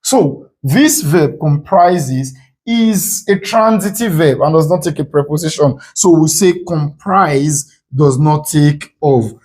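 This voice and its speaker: A man's voice: a little high, darkish tone. A man from Nigeria takes students through an exam-prep grammar lesson at a patient pace. He repeats each rule several times and draws out the answer options word by word to make them stick. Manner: slows down to stress quoted options. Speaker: English teacher.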